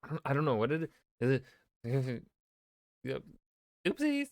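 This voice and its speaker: A man's voice: mid-range voice, fairly even intonation, moderate pace, creaky, darkish tone, dry recording, clean studio sound. A man hosting a reaction video, chatting casually and rambling between laughs. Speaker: reaction channel host.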